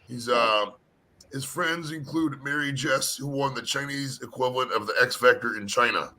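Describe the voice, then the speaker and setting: Casting: male stream host, hoarse, bright tone, loose rambling profane chatter. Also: medium pitch, moderate pace, slight background noise, rough recording. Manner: rambling, profane, laid-back. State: hoarse from talking all day. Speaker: panel show host. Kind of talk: casual live-stream chat.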